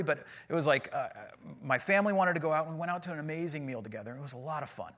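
A man in his forties delivers a sermon like a relaxed chat, telling stories on himself and poking fun at his own nerves. His voice sits a little high for a man. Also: very fast, hardly any pauses. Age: 40s. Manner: casual, storytelling, self-deprecating humor. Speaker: pastor.

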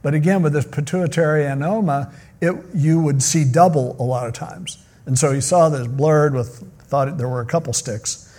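A man's voice: on the high side, normal speed, warm tone. A man preaching a sermon, retelling a Bible story in a casual, joking way. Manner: casual, joking storyteller who acts out quotes. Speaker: pastor.

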